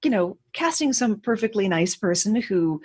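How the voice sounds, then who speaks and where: Husky-voiced American woman, wry and chatty. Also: medium pitch, animated, normal speed, a little mellow, no echo. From United States. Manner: chatty, wry, wanders off on tangents. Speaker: podcast guest, trivia writer. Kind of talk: casual podcast chat.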